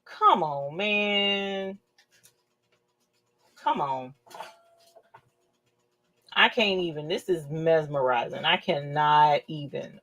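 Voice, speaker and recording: A woman hosting a casual craft livestream who gushes, repeats herself and calls her viewers fam. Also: fairly low pitch. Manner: gushing, repeats phrases, addresses viewers as fam. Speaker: livestream host showing rhinestone shirts.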